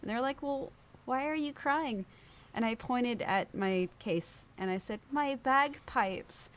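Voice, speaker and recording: A woman guest on a podcast, telling a personal story in lively conversation and acting out the voices of people she quotes. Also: a little high, unhurried.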